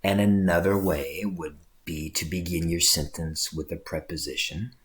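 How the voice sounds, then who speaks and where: A man with a very low voice gives a recorded writing lecture. He explains each example patiently and keeps checking in with his listeners. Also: fairly even intonation, moderate pace. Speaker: English teacher.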